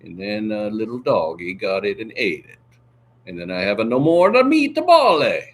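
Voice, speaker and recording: A man's voice: fairly low pitch, sing-song, normal speed, a little hiss or hum. A man doing a hammy mock-Italian meatball guy. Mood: hammy lament. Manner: exaggerated mock Italian accent, tacking "eh?" onto lines.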